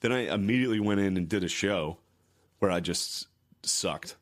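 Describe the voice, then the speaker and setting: A man's voice: sits low, moderate pace. A man in his thirties, a stand-up comedian and podcast host, telling a rambling, profane story in casual chat. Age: 30s.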